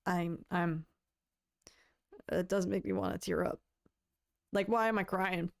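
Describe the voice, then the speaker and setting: A woman's voice: on the low side, steady tone, measured pace, vocal fry, clear, resonant tone. Woman, livestream host, casual chat with viewers, rambling, stammering restarts, mock-dramatic. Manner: mock-dramatic, playfully lamenting.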